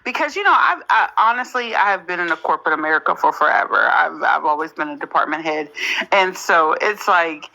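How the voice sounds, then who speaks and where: A woman's voice: on the low side, expressive, a little fast, vocal fry, pushed and bright, rough recording. A woman chatting casually and animatedly as a guest, peppering her talk with "you know.". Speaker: guest speaker. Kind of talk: casual chat.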